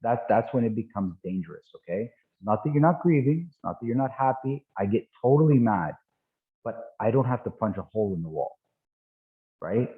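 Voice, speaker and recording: A man's voice: medium pitch, animated, moderate pace. A man in his fifties leading a live online training session, talking conversationally, repeating words and checking in with "right?". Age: 50s. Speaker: martial arts instructor. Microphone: video call. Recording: tinny phone-like call audio.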